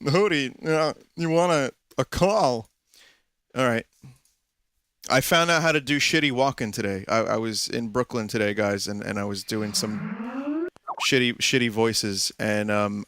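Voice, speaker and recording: A man's voice: mid-range voice, lively intonation, unhurried, fairly bright tone, no room sound, clean studio sound. A man streaming a game, chatting casually with a loose, profane manner and frequent laughter.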